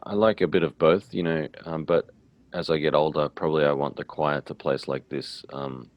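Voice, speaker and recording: An Australian man hosting a relaxed English-learning chat, laughing easily and filling pauses with ums. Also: a bass voice, no room sound, lo-fi sound. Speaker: English teacher and channel host. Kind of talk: casual conversational interview.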